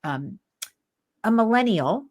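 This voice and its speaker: An older woman from New Jersey hosting an interview show, talking in an excited, emphatic, chatty way. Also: mid-range voice, slow pace. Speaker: host.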